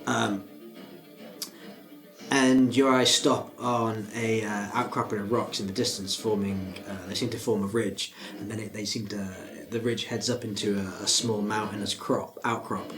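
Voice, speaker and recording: Halting game master narrating a tabletop game. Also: male voice, lowish voice, little pitch movement, over music. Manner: hesitant, many restarts, laughs often.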